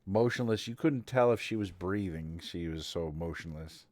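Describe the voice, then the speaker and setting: A man narrating as game master of a tabletop game, unhurried and conversational. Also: sits low, darkish tone, no room sound.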